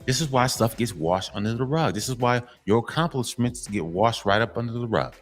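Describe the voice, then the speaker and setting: A man's voice: mid-range voice, lively intonation, fairly quick, soft background music. A man hosting his own commentary channel, giving a blunt, profane monologue to men and repeating his points for emphasis. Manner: emphatic and repetitive, lecturing.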